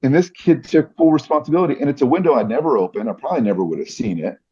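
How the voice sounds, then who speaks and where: Here the same kind of guest, a middle-aged man who works as a fight announcer, speaks at medium pitch, animated and rapid-fire, with a slightly mellow, husky quality. It's casual interview storytelling, earnest and reflective, full of restarts, captured in dull lo-fi podcast audio.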